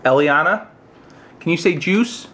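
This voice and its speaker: An American man chatting casually with his toddler on camera, using playful baby talk and high, coaxing questions. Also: animated, unhurried, a bit bright. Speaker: parent vlogger.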